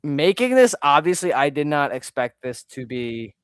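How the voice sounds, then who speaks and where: A man's voice: a little high, very animated, normal speed, a bit bright, smooth, dry recording, clean studio sound. A man chatting casually on a live stream while ranking his own videos, rambling, easily sidetracked and swearing often.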